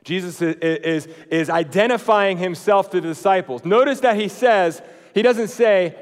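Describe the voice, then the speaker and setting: Male preacher, higher-pitched voice, conversational sermon, shifts from emphatic to hushed and slow, long hall reverb. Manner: swings between loud emphatic lines and quiet, slow, hushed ones; conversational, with fillers and restarts.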